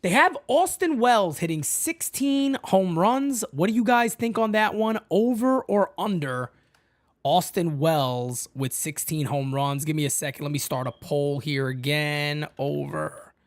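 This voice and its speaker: A woman hosting a fan channel in a casual live-stream sports chat from her home setup. She is excitable and chatty and keeps calling the audience "man" and "folks". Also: low voice, takes it slowly.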